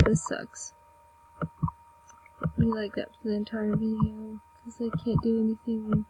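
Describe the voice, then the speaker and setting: Slow-talking young woman narrating gameplay. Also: fairly high pitch, monotone, a little mellow, slight background noise, rough recording. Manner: chatty, self-mocking, drops into whispers. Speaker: gameplay video maker. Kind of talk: casual gameplay commentary.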